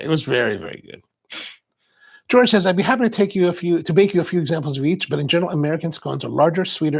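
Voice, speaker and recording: Gravelly, husky man chatting casually. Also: a little high. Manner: rambling and chatty, full of "like". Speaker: coffee show host. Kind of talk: casual livestream chat answering viewer comments.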